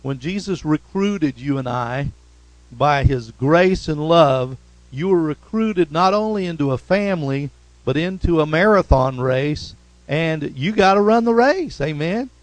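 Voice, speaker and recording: A man's voice: fairly high pitch, expressive, a little slow, no room sound, rough recording. A man preaching a sermon as pastor, punctuating points with "amen?" and rising to emphatic repetitions. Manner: call-and-response preaching, repeated "amen?".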